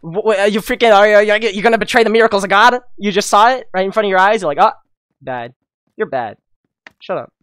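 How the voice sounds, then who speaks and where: A young man in casual gaming banter with friends, jokey and mock-offended, bursting into yells. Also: high-pitched, steady tone, rapid-fire, hardly any pauses, clean tone, dry recording. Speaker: gamer recording with friends.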